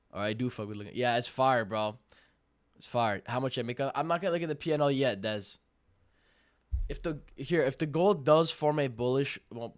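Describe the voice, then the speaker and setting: A man's voice: medium pitch, smooth. Hyped young man streaming live trades. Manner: hyped, slangy, bursts into loud cheering. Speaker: livestream day trader. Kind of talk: live trading stream commentary.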